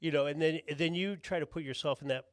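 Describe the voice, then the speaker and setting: A man's voice: a little high, quick pace, no echo, studio quality. A man, a tattoo artist guest, talks casually on a podcast, rambling and peppering his stories with "dude" and "you know what I mean.".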